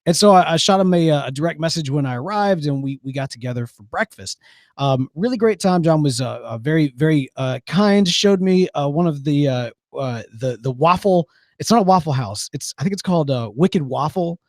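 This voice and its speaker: Hoarse, quick-talking man. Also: fairly high pitch, expressive, a little mellow, no echo, studio quality. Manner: quick, rambling storytelling with many fillers. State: hoarse, losing his voice. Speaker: podcast co-host. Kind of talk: casual chat.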